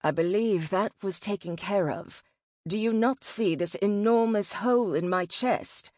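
A woman voicing a wounded male demon, speaking low, quiet and curt in a rusty, strained voice. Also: measured pace, no echo, studio quality, natural voice. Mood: grumbling.

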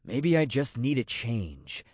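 A wry, restless man, bored and always joking, as a male narrator plays him, speaks in a lively, up-and-down voice at an unhurried pace. The audiobook recording is dry and close. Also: medium pitch, breathy edge, no echo, exaggerated voice.

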